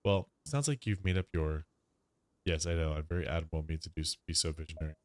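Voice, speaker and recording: A man hosting a casual let's-play, commenting in a playful, animated way. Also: very deep voice, fast talker. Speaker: gaming channel host.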